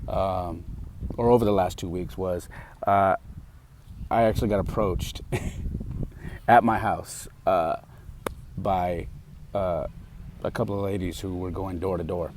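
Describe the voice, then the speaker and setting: A man's voice: deep voice, fairly even intonation, takes it slowly, long pauses, background noise. A man hosting a podcast, telling a story in a casual, emphatic monologue full of fillers. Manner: emphatic, heated, with frequent fillers. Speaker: podcast host.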